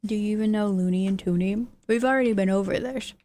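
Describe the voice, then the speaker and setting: A woman's voice: medium pitch, quick pace, mellow. A woman streaming live, chatting casually and reacting to her chat's messages. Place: lives in the United States.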